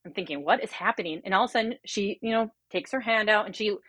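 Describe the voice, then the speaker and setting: A woman in her thirties tells her birth story as a podcast guest, earnest and animated. Her voice sits at a middle pitch and sounds dry and close. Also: quick pace, dry recording. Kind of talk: personal birth story in an interview.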